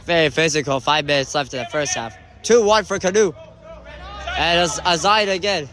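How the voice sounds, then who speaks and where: A man giving live play-by-play commentary at an amateur indoor soccer match, excitable, with frequent shouted calls and exclamations. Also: a little high, normal speed, some chatter behind.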